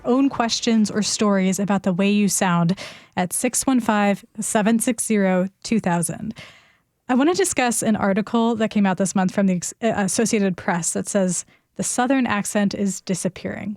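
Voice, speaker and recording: A woman's voice: mid-range voice, moderate pace, darkish tone, no echo, clean studio sound. A woman hosting a public radio talk show, introducing guests and asking questions. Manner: clear, conversational.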